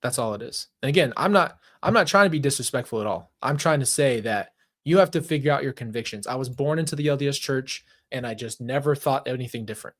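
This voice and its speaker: A young man speaks straight into a handheld mic, sharing a personal story in a casual, conversational way. His voice sits at an ordinary, middle pitch. He is emphatic, often restarts his sentences, and leans on the filler "like". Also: fast talker, a bit bright. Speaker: host.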